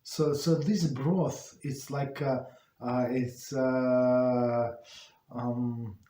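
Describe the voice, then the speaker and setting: A man's voice: mid-range voice, steady tone, very slow, warm tone. A man teaching a Torah class as a rabbi, telling stories and searching for his words with frequent restarts. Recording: roomy echo.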